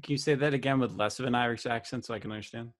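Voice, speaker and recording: A man's voice: medium pitch, steady tone, racing. A man from the United States co-hosting a podcast in casual chat, rambling, joking and correcting himself as he goes. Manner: rambling, self-correcting, jokey. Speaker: podcast co-host.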